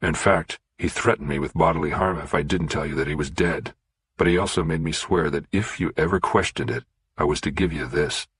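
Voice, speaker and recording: A man voicing a grave middle-aged male official who speaks in a measured, formal way. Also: extremely low pitch, fairly bright tone, husky, no echo, heavily acted. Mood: guarded.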